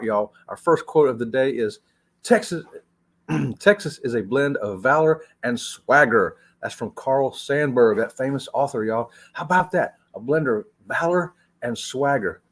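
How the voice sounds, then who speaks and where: Husky, lively man hosting a livestream. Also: fairly high pitch. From Florida. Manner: chatty, laughing, calls viewers y'all. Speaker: travel channel host. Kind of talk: casual livestream chat. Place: hotel room.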